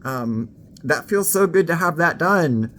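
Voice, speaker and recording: Her voice is low-pitched yet fairly bright in tone, with lively intonation and an unhurried pace as she vlogs casually to camera. Frank and profane, she sounds a bit winded, and there's slight background noise.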